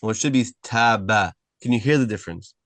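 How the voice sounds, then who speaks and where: A man teaching an online Arabic class, patiently correcting pronunciation and repeating sounds slowly. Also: mid-range voice, lively intonation, a little mellow, dry recording. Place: video call.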